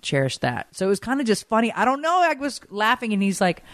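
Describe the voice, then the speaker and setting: A woman's voice: mid-range voice, big pitch swings, a little fast, no room sound, studio quality. A woman co-hosting a podcast in casual chat, candid and chatty, swearing freely and filling her talk with "like.". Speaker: podcast co-host.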